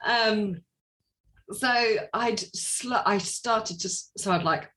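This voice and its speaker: An Englishwoman, interviewed as a guest, gives a personal testimony with animated storytelling, frequent laughter and lots of fillers. Her voice sits at medium pitch and she speaks slowly.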